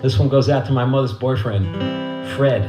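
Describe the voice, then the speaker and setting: In an echoey living room with a guitar, a middle-aged musician and host from Queens, New York, fills the gap between livestream songs with a loose, profane story, laughing casually and voicing its characters. He speaks at a normal speed in a steady, mid-range voice.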